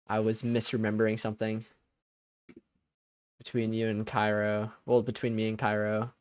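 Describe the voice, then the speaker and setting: A man's voice: fairly low pitch, monotone, normal speed, clean tone, no echo. A young man hosting a live stream, chatting casually with viewers. He laughs often and trails off mid-sentence.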